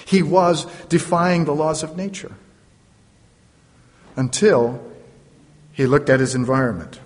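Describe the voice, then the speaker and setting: A man's voice: a little high, steady tone, slow. A man preaching a sermon, retelling a story dramatically with playful asides. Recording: long reverb of a large hall.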